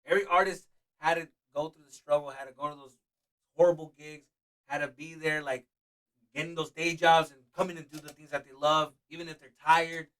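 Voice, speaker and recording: Young comedian guy swearing a lot telling family stories, highish bright voice, kinda off mic. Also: fairly quick, distant mic, poor audio. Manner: profane, animated storyteller. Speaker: stand-up comedian guest. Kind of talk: casual podcast chat.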